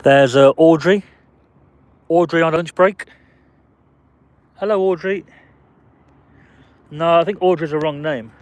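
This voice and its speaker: A man's voice: on the high side, slow pace, pauses often, no room sound. A man on a casual live stream, talking from a parked car in a fairly light, slightly raised voice. He chats freely, answering viewers' comments one by one and playfully guessing the names of strangers walking past.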